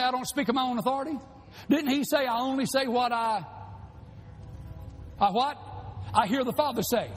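A man preaching a sermon, shouting at times and rushing through asides. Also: very high voice. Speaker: pastor. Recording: long hall reverb.

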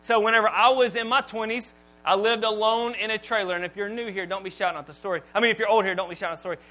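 A man preaches to his congregation in a high, bright-pitched voice. He draws words out slowly, falls almost to a whisper, then bursts out loud. A faint electrical hum runs beneath the recording. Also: steady tone, rough recording. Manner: dramatic pauses, drops to near-whisper, then booms. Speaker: pastor. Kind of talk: sermon.

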